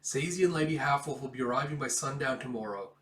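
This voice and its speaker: Man reading a plain-spoken sailor, bright voice, echoey room. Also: mid-range voice, fast talker, distant mic, close to an everyday voice.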